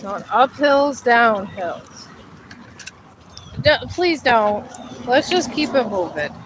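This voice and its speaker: A woman's voice: on the high side, lively intonation, takes it slowly, background noise. A woman livestreaming her dog walk, tired and grumbling as she coaxes her dog up the hills. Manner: weary, grumbling, coaxing her dog along. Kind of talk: casual live vlog. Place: outdoors on a hilly street walk.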